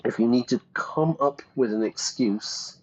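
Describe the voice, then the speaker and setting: A man casually commenting while playing a game, chatty and playful, thinking out loud. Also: medium pitch, a little slow, husky, highs cut off. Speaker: teacher playing a game for learners.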